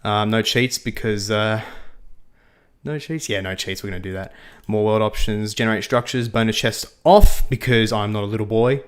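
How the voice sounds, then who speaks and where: A man's voice: fairly low pitch, moderate pace. Rambling young man streaming. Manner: rambling, laughs often, repeats himself. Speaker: livestream host. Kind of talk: casual gaming livestream chat.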